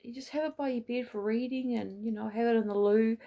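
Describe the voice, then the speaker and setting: A woman's voice: fairly high pitch, steady tone, brisk, mellow. A middle-aged woman, chatting and rambling at home in a casual vlog, swearing now and then. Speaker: vlogger. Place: small home unit, kitchen.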